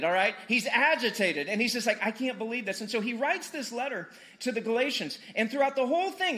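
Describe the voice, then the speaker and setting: A man's voice: very high-pitched, bright, forceful tone. A man preaching a casual, conversational sermon, joking with the congregation and repeating words for emphasis. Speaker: pastor.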